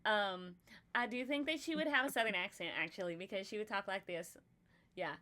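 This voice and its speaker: A woman in relaxed, giggly conversation, thinking out loud and circling her ideas with plenty of filler words. Her voice sits at an ordinary middle pitch for a woman. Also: a little fast. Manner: giggly, rambling, heavy "like" filler. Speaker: podcast co-host. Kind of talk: casual brainstorming chat.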